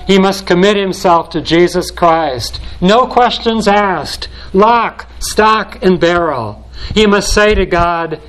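A man preaching a sermon in a slow, deliberate way, building solemn repeated phrases. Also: sits high, fairly bright tone, poor audio.

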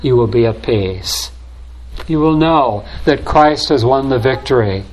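A man preaching a sermon in a slow, deliberate way, building solemn repeated phrases. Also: mid-range voice, expressive, slight background noise, low-quality recording.

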